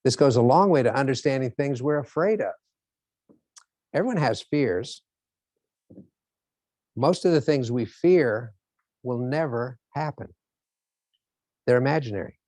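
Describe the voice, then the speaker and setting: A man's voice: mid-range voice, normal speed, long pauses, dry recording. A man giving a motivational lecture, telling stories and acting out the scenes as he goes. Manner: animated storytelling, acts out scenes. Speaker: motivational speaker.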